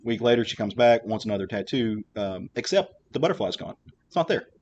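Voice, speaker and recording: A low-voiced man rambles through a casual podcast chat. He talks in loose, restarting sentences with plenty of "um" and "uh." A faint rumble hums under the recording. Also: expressive, brisk, darkish tone, highs cut off. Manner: rambling, many fillers and restarts. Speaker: podcast host.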